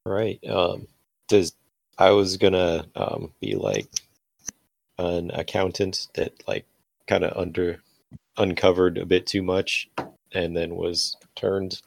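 A man's voice: deep voice, takes it slowly, gravelly, pauses often, no echo. A man playing in a tabletop game session, joking and offhand. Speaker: player.

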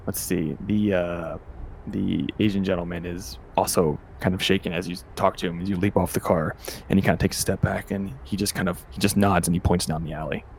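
A man with a very deep, gravelly voice running a tabletop game. He describes scenes loosely and with plenty of fillers. A faint hiss sits under the voice. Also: steady tone, a little fast, darkish tone. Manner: loose, filler-heavy narration with laughs. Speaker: game master.

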